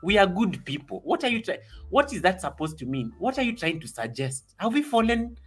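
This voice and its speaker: A man hosting a casual live stream, excitable and reading viewer comments aloud. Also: sits high, a little fast, breathy edge, faint music behind.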